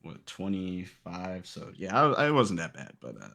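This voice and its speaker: Bright-voiced man in his late twenties. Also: low voice, unhurried, vocal fry. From Texas. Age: late 20s. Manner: animated, acts out quotes in character. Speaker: podcast guest. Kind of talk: casual storytelling.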